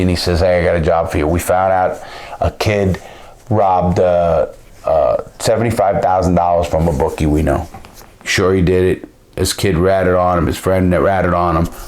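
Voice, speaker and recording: A man's voice: low voice, a little mellow. A man telling stories from his past in a blunt, profane way, often restarting his sentences. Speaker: storyteller. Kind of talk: casual storytelling.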